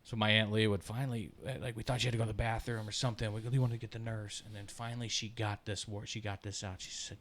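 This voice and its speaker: A man, telling rambling, profane stories on a podcast, loud when he laughs and hushed when he turns reflective. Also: mid-range voice, fairly even intonation, fast talker. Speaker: podcast co-host. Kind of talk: casual storytelling chat.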